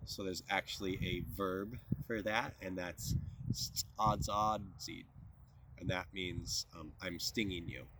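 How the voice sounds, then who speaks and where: Against a noisy background, a man with a low-pitched voice gives a tutorial outdoors at a plant patch. His casual teaching walks through each step in an easygoing way.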